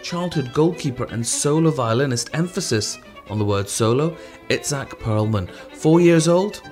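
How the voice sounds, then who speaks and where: A man's voice: medium pitch, expressive, normal speed, a little mellow, soft background music. A man narrating a radio documentary in a scripted, dryly wry way.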